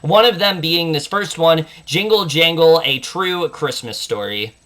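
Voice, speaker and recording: A man's voice: on the high side, a little slow, sharp tone. A young man hosting a casual movie preview, enthusiastic and full of fillers. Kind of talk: casual film chat.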